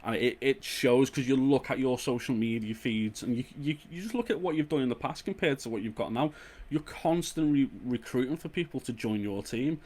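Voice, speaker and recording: Scouse bloke hosting a podcast, blunt and sweary, chatty mid-pitched voice. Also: male voice, fairly quick, darkish tone. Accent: Liverpool. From Liverpool, England. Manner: blunt, swears freely, tells stories with laughs. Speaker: podcast host. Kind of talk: casual podcast chat.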